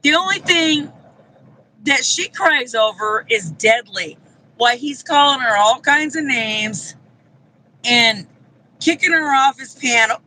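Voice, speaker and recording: Slow, bright-voiced woman co-host. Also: high voice, expressive, a little hiss or hum, rough recording. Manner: slow, hesitant, repeats words. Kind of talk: casual chat.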